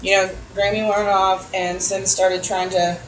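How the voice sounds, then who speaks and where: A woman co-hosting a casual chat, recapping a tabletop game and acting out quotes in an animated way. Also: mid-range voice, unhurried, reverberant, a little hiss or hum, rough recording. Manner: animated storyteller, acts out quotes with lively voices. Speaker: podcast co-host recapping a game. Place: room with echo.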